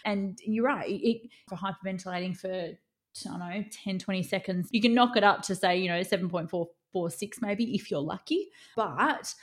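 A woman's voice: medium pitch, moderate pace. A woman co-hosting a podcast, chatting casually and scoffing at wellness claims with exasperated asides. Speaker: podcast co-host. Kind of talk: casual critical chat.

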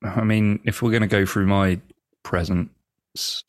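A man's voice: on the low side, fairly even intonation, slow, no echo, clean studio sound. A man co-hosting a podcast in casual chat, teasing and laughing often. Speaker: podcast co-host.

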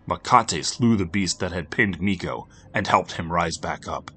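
A man narrating a grim story for a podcast, swinging between loud urgency and hushed, near-whispered passages. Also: deep voice, slow, husky.

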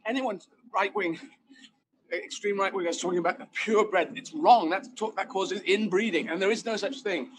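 A comedian talks in a lively, emphatic rush, circling back on his phrases. His voice sits high for a man. Steady outdoor noise runs under everything. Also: normal speed. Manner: animated, emphatic, rambling asides. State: running while talking. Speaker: guest comedian. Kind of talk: conversational interview.

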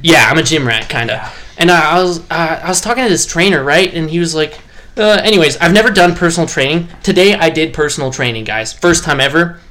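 A young man co-hosting a casual podcast chat, animated and laughing often. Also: a little high, brisk. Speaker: podcast co-host.

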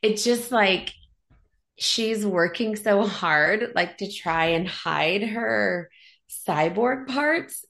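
A woman's voice: medium pitch, very slow, gravelly, a bit bright. A woman guest on a casual podcast, talking hesitantly, restarting sentences and filling them with "like".

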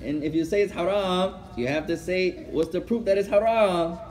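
A man giving a religious lecture, telling a story lively and acting out conversations, often adding Arabic phrases and laughing as he goes. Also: high voice, moderate pace. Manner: animated, acts out dialogue, code-switches with Arabic phrases; laughs while telling stories. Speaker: Islamic teacher.

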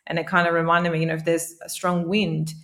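A woman's voice: on the low side, level tone, fairly quick, a bit bright. A woman hosting a podcast, talking in a thoughtful, rambling way with hesitations. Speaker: podcast host. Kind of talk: casual podcast interview.

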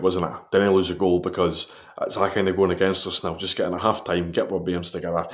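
A Scottish man co-hosting a podcast, talking through football incidents in a measured way. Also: deep voice. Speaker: podcast co-host. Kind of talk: casual football chat.

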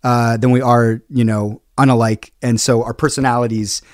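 A man's voice: medium pitch, flat delivery, normal speed, no room sound, clean studio sound. A man on a podcast, telling a long story in casual chat with lots of fillers and restarts. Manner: rambling, many fillers and restarts. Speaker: podcast co-host.

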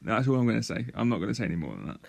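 A man's voice: fairly low pitch, big pitch swings, rapid-fire, vocal fry, a little mellow, no room sound. A man co-hosting a casual podcast, teasing his co-host with dry humour. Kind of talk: casual chat.

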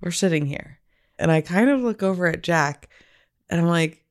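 A woman's voice: lowish voice, expressive, moderate pace. Brief: woman co-hosting a movie podcast, giggly, affectionate teaser. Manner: amused and teasing, laughing as she talks. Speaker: podcast co-host. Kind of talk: casual film discussion.

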